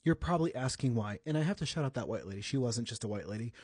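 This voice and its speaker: A man's voice: medium pitch, animated, rapid-fire, darkish tone, husky, no echo, clean studio sound. Chatty young man hosting a podcast. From United States. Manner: chatty, joking asides, self-correcting. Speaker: podcast host. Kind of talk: casual celebrity news podcast.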